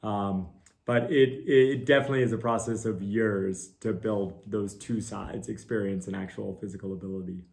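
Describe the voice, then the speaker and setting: Earnest, low-voiced middle-aged mountain guide. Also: male voice, steady tone, moderate pace, creaky, darkish tone. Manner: earnest, self-deprecating, thinks aloud with fillers. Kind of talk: casual answers to viewer questions.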